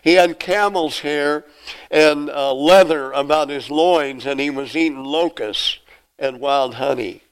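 A man preaching a sermon with a somewhat high voice. He reads scripture aloud and then explains it verse by verse. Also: measured pace, clean tone, low-quality recording. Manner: acts out the questioners' lines in a raised voice. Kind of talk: expository sermon.

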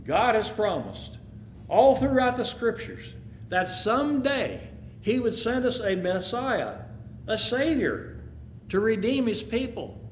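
A man voicing a calm, devout shepherd father who speaks in a measured, firm way. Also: high voice, a little hiss or hum, heavily acted. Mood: earnest. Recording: echoey room.

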